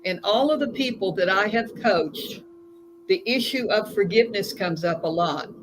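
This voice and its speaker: A woman's voice: mid-range voice, expressive, moderate pace. Earnest woman coach, noisy recording. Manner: earnest storytelling, emphatic. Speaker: life coach guest. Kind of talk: conversational interview.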